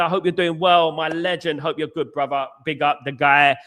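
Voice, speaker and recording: A man's voice: a little high, fairly even intonation, moderate pace, a bit bright. A young British man hosting a football fan live stream, ranting at length and reading out viewer comments. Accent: British English. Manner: ranting, repetitive, frequently says "at the end of the day". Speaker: football podcast host.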